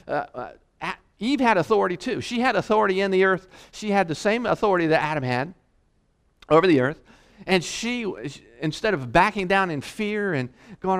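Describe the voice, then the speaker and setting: A man preaching a sermon in an exhorting way, restarting often and slowing down to read scripture aloud. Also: high-pitched. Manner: exhorting, repeats words, reads scripture slowly.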